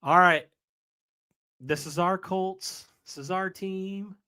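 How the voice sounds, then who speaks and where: A man hosting a live reaction stream, excited and rambling, apologizing as he juggles things. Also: high-pitched, slow pace, clear, resonant tone. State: recovering from a week of sickness, coughing.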